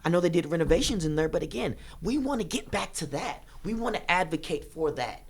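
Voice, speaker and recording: A young man running for student government, answering a debate question in an impassioned, fast-rushing way, repeating phrases for emphasis. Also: a little high, expressive, breathy edge. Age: young adult. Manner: rapid, rushing delivery.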